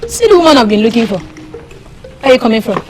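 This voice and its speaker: A concerned young friend with a Nigerian accent, asking probing questions in a mid-range voice with faint music behind. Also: female voice, on the high side, very animated, a little fast.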